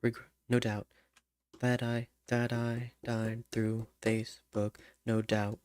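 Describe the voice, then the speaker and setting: Slow, muttering man hums lyric ideas. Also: medium pitch, completely flat delivery, a little mellow, clear, resonant tone, no room sound. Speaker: songwriter. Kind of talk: thinking aloud while writing lyrics.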